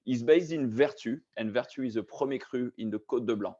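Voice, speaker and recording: A man with a warm, medium-pitched voice hosts a casual wine tasting over a video call, talking fairly quickly. He sounds hesitant, full of uhs, ums and restarts, and the audio is muffled and lo-fi.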